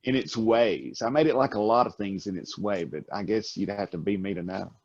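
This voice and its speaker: Male podcast guest, philosophical and wordy, mid pitch, slightly dull recording. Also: a little fast, darkish tone. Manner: musing, grandiose phrasing. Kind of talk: casual chat.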